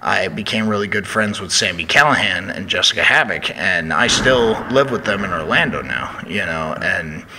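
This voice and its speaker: A man's voice: low voice, lively intonation, moderate pace, hardly any pauses, noisy background. A man, a professional wrestler, telling stories as a guest in a casual interview, with lots of "you know" fillers.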